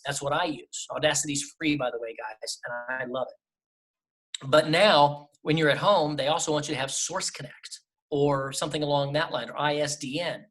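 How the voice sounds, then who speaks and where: A middle-aged man, a voice actor, giving emphatic, lively advice in a casual interview over a travel microphone. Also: a little high, moderate pace. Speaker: voice actor guest. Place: temporary remote setup away from home.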